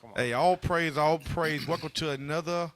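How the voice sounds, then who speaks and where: A man's voice: on the high side, normal speed, fairly bright tone. A man hosting a casual group livestream, joking and trading call-and-response banter with co-hosts. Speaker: host.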